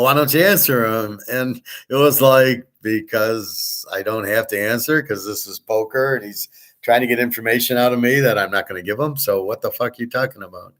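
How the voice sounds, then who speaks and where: A man's voice: medium pitch, a bit bright. A middle-aged man hosting a show, talking bluntly and with swagger, swearing freely and answering viewers in a casual monologue. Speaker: show host.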